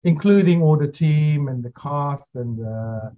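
A man's voice: a little high, unhurried, mellow, highs cut off. A man being interviewed as an actor, talking casually with many fillers and restarts.

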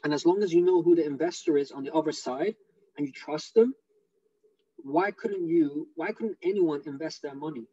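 A man with an English accent giving rambling, excitable commentary on a live stream over a video call. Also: fairly high pitch, normal speed, breathy edge, dry recording, highs cut off. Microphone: computer mic on a video call.

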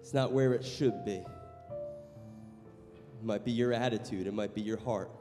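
A man preaching a sermon as pastor in a church, passionate, moving between loud exhortation and quiet storytelling. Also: on the low side, normal speed. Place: church sanctuary. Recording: long hall reverb with music behind.

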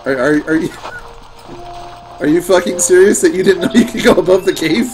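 A man's voice: high voice, normal speed, a little mellow, low-quality recording. A man streaming a game, chatting casually with sarcastic, playful banter and free swearing while he plays. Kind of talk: casual gameplay chat. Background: game music.

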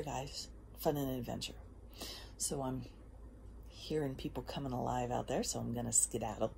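A woman with a low, gravelly voice talks to her listeners in a relaxed motivational monologue. She speaks emphatically and slips between hushed whispers and louder bursts. Faint noise sits behind her. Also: moderate pace. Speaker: host. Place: outdoors.

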